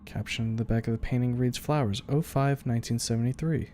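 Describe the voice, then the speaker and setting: A man streams a video game with live commentary, thinking aloud casually and swearing now and then. His mid-range voice is steady and warm, a little fast, with a little hiss or hum in the audio.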